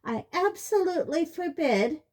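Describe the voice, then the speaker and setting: A woman reading an audiobook, voicing a distraught, fiercely protective middle-aged mother with a shrill, emotional manner. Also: big pitch swings, takes it slowly, full character voice. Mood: upset, shouting. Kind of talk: audiobook character voice.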